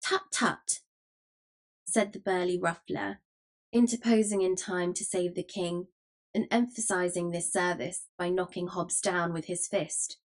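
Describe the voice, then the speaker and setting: A woman reading a classic novel aloud as an audiobook narrator, in a measured storytelling manner. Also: lowish voice, fairly even intonation, darkish tone. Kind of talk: scripted narration.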